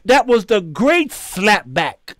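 A middle-aged man, hosting his show and telling a story in an animated, preachy way with sudden shouts. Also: high voice, slow, no room sound, studio quality. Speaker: show host. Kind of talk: storytelling commentary.

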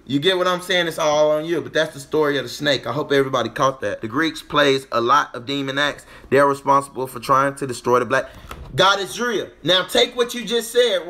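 A man's voice: a little high, pushed and bright. A man hosting a casual livestream, rambling through a monologue and talking to his chat, with a filler phrase he keeps repeating. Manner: rambling, repeats "you get what I'm saying", talks to chat. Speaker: livestream host.

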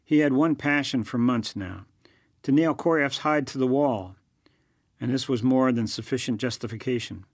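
Male audiobook narrator, measured plain read, dry booth sound. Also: mid-range voice, dry recording. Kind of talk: scripted narration.

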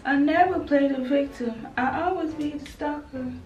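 A young woman with a high, somewhat dark voice talks at a normal pace, sounding distant from the mic. She's a beauty vlogger casually chatting her viewers through a makeup routine, loose and full of slang. The room sounds spacious, the mic is off to the side, and music plays.

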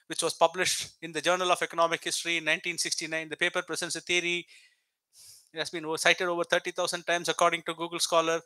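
Male lecturer, high bright voice, patient step-by-step explainer, close dry recording. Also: no room sound, poor audio. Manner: explains step by step, with frequent tag questions. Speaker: professor giving a lecture. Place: lecture hall.

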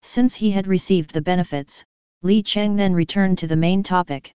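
A woman narrating an audiobook in a steady, even storytelling manner. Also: lowish voice, moderate pace, clean tone, no room sound. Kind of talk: scripted narration.

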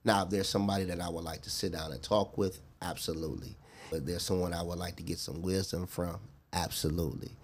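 Low-voiced man in relaxed interview chat. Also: fast, slight background noise. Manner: earnest, reflective, laughs easily. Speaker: guest.

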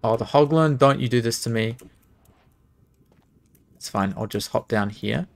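A man's voice: medium pitch, unhurried, vocal fry. A young man streaming, talking to himself as he plays a speedrun, muttering and exclaiming at the game. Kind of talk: live commentary while speedrunning a game.

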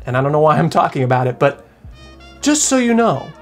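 A man's voice: fairly high pitch, sing-song, brisk, soft background music. A young man, a college student, chatting casually to camera in a rambling, self-mocking way that is full of restarts. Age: young adult. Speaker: vlogger.

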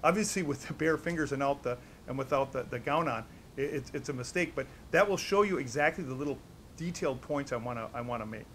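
A man's voice: mid-range voice, quick pace, background noise. A man teaching as a doctor, demonstrating a hands-on technique and repeating the key steps with emphasis. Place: studio against a black backdrop.

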